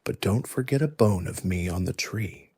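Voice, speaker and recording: A man voicing a gentle, clever giant's daughter. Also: low-pitched, normal speed, breathy edge, no room sound, heavily acted. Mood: calm. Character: clever helpful young woman, giant's daughter. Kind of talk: soft ASMR storytelling.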